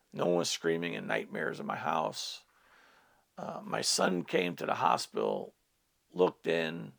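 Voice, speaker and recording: A man's voice: on the low side, creaky. A middle-aged man, a pastor, telling a personal testimony in a teaching talk, earnest, with asides to his listeners.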